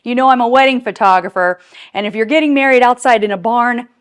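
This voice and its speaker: A woman's voice: a little high, quick pace, smooth. Bubbly middle-aged woman gushing over clothes. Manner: bubbly, gushing, laughs often. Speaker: fashion vlogger. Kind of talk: casual try-on haul chat. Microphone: clip-on mic.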